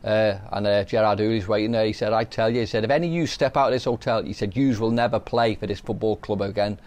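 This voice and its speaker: A man's voice: lowish voice, fast, a little mellow. Chatty man telling stories. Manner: chatty, anecdotal, laughs while telling stories. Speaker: podcast host, former footballer. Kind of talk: casual storytelling chat.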